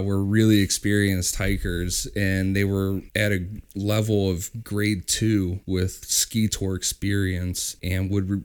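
A man with a somewhat low voice reads from his notes in a loose, casual manner. He adds fillers as he goes and laughs easily with his co-hosts. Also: a little mellow, smooth. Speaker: podcast co-host. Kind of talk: casual chat.

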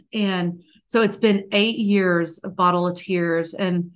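Woman, earnest, emotional, halting with likes and restarts, faith story guest. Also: medium pitch, fairly bright tone. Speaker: podcast guest. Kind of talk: personal faith story in an interview.

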